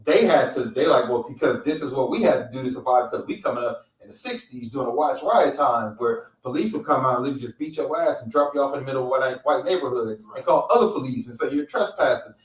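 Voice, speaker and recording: A fast-talking, middle-aged podcast co-host from California barely pauses, his medium-pitched voice full of lively intonation. He swears freely and tells stories bluntly and forcefully at a casual roundtable, recorded through a roomy, distant mic.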